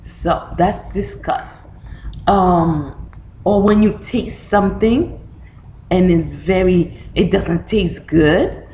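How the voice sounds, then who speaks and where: A woman's voice: lowish voice, takes it slowly, echoey room, a little hiss or hum, low-quality recording. A woman reading a picture book to young children, asking them questions and acting out reactions. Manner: animated, questioning, acts out reactions. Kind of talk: storytime lesson for young children.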